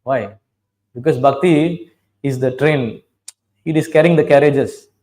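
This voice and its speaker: A man's voice: medium pitch, measured pace, a little mellow, poor audio. A man giving a devotional class, telling scripture stories, chanting verses and asking his listeners questions. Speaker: preacher.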